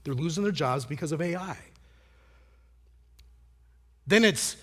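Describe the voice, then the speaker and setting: A man's voice: on the high side, expressive, fast, slightly rough. A middle-aged man preaching a conversational sermon, telling stories with many restarts. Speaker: pastor.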